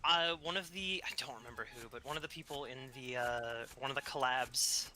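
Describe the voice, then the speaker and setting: A guest in a casual chat, playful and quick with jokes and bits. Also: medium pitch, pushed and bright.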